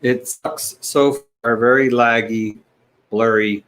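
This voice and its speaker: A man hosting a livestream, chatting casually and haltingly as he thinks aloud with frequent fillers. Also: medium pitch, lively intonation, low-quality recording. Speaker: livestream host. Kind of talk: casual stream setup chat.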